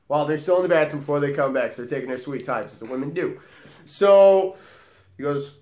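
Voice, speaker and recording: A man's voice: a little high, a little fast, darkish tone, reverberant. A man who works as a bar bouncer, telling a story in a profane, dramatic way and acting out the dialogue. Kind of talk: storytelling vlog.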